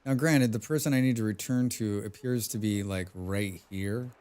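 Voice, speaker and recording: A man's voice: fairly low pitch, moderate pace, darkish tone, clean tone. Rambling, joking male game streamer. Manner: rambling, joking, self-deprecating. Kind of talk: casual gaming livestream commentary.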